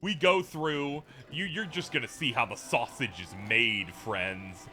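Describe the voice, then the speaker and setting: A man giving animated, profane video game commentary as a let's play host, with frequent laughing asides. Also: medium pitch, measured pace, hardly any pauses, slight background noise.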